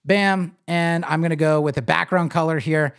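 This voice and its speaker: A man whose voice is on the high side and smooth speaks at a moderate pace. He hosts a live web design stream, casually and animatedly walking viewers through a site builder as he clicks, in screen-share tutorial style.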